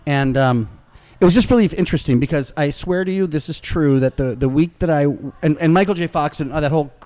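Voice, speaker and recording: A man's voice: fairly high pitch, fast. A male comedian guest telling anecdotes in casual chat, acting out the voices of the people in them. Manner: animated, acts out voices in anecdotes. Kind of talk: casual storytelling. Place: restaurant bar.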